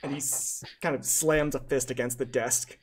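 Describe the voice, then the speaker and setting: A man narrating as game master, improvising with frequent pauses and fillers. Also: medium pitch, steady tone, slight background noise.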